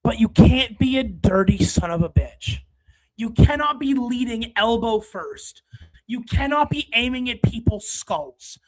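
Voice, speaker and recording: A livestream host ranting through casual hockey chat, exasperated, apologizing to viewers, then breaking into shouting. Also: medium pitch, lively intonation, low-quality recording. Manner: quick, run-on talk with apologies to viewers.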